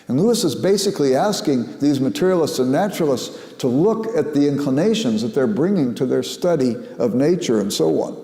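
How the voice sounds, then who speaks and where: Measured man lecturing in an echoey hall. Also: medium pitch, animated, mellow. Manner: measured, reflective, with anecdotes. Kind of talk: academic lecture.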